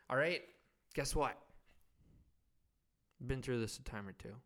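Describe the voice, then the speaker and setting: A man's voice: medium pitch, slow, pauses often, fairly bright tone. A young man hosting a solo comedy podcast, rambling and self-mocking, swearing constantly. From Wisconsin. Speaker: podcast host.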